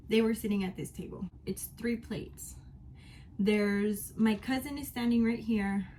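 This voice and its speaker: A woman's voice: mid-range voice, a little mellow, a little hiss or hum, low-quality recording. Chatty young woman telling a candid story. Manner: emphatic, chatty, frank with cursing. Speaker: vlogger. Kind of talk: candid life-update storytelling. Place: at home while getting ready.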